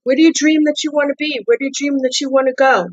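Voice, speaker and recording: A woman's voice: high voice, steady tone, quick pace, dull audio. A woman giving a casual tarot card reading, often repeating herself and asking coaxing questions, with an accent. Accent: non-native English accent. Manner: repetitive, restarts words, coaxing questions.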